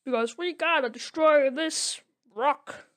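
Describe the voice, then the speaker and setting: Woman doing a slow, smug railway worker. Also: sits high, voice pushed up. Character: cheerful male railway workers.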